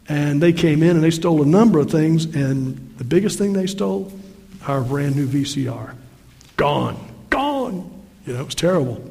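Older male preacher, fairly high voice, folksy storyteller, reverberant sanctuary. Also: warm tone. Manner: folksy storytelling with self-deprecating humor. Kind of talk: sermon. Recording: long reverb of a large hall.

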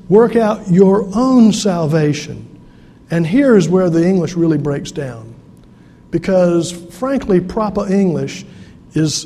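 A man's voice: on the high side, mellow, in a large hall. A pastor from South Carolina, preaching an earnest, conversational sermon to his congregation in a church. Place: church sanctuary.

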